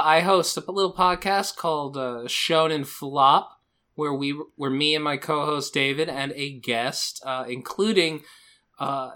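A man who is a guest on a podcast, chatting casually and telling stories with laughter. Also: a little high. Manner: laughing, animated storytelling.

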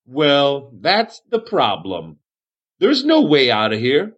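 A man's voice: mid-range voice, wildly swooping pitch, slow pace, fairly bright tone, highs cut off, pitched above the performer's own voice, heavily acted. A man voicing a naive, childlike male elf with a head injury, who talks about himself in the third person. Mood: simple, eager.

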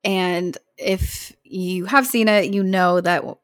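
A woman's voice: lowish voice, fairly even intonation, takes it slowly, no room sound, clean studio sound. A young woman co-hosting a podcast, talking earnestly and emotionally about a film, with lots of "like". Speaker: podcast co-host. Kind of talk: casual film discussion.

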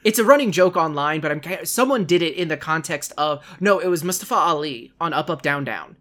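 A man's voice: fairly high pitch, lively intonation, fairly quick, sharp tone. A man hosting a casual podcast, chatting animatedly, laughing often and acting out quotes. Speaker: podcast host.

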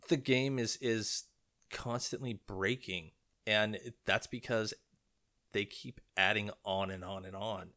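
A man co-hosts a casual podcast, chiming in to agree and add his own points. His voice sits low but carries a bright, forceful edge. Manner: agreeable, chiming in with short backing remarks. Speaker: podcast co-host.

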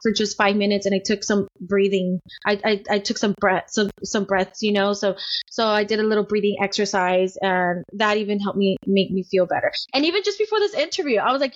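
A woman's voice: medium pitch, a little fast. A young woman guest talking openly in a podcast interview, chatty with lots of restarts and fillers. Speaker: podcast guest, business owner. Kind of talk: candid interview storytelling. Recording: dull lo-fi sound.

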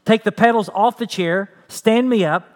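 A man's voice: high-pitched, moderate pace, a little mellow. A man preaching a sermon as pastor, earnest, repeating phrases and building to emphatic peaks.

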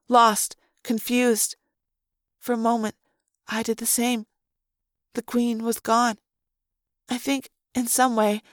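A woman's voice: on the high side, no room sound, studio quality. A woman reading a novel aloud in the first person, with tense, dramatic delivery.

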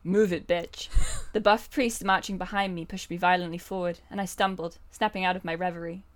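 Woman, lower register, reading a chapter aloud for laughs, giggly. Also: fairly even intonation, fast. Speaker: reader. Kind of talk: comedic dramatic reading.

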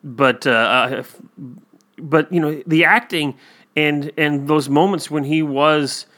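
A man's voice: on the high side, steady tone, takes it slowly, pushed and bright. A man co-hosting a casual talk about a TV episode, telling stories with many fillers and acting out the quotes. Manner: rambling storyteller, many fillers, acts out quotes.

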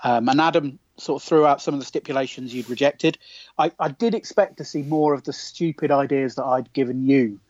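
A man co-hosting a casual podcast, teasing his partner wryly with halting restarts. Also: medium pitch, a little mellow. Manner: wry, teasing, hesitant restarts. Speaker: podcast co-host. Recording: slightly dull, dry.

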